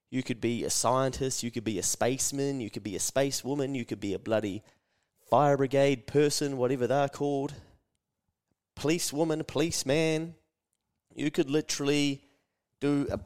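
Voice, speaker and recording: On his solo motivational podcast, the host is blunt and full of energy, cursing freely and imitating naysayers by raising his voice higher.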